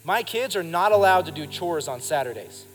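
With a fairly high, expressive voice at normal speed, a thirtysomething man preaches emphatically to his congregation and invites them to respond. Music plays in the background of this live recording from a reverberant church hall.

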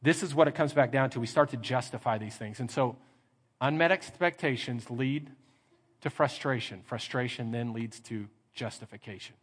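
A middle-aged man preaching a sermon as pastor, lively and acting out little scenes in mock voices. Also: medium pitch, moderate pace, husky. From Texas. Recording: reverberant church hall.

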